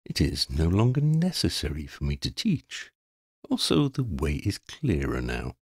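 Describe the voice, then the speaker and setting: A solemn, cloaked ferryman speaks in a formal, deadpan way, as a man reads him aloud. The storybook figure's voice is low, and the recording is close and dry. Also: unhurried, gravelly, slightly rough, no echo, heavily acted.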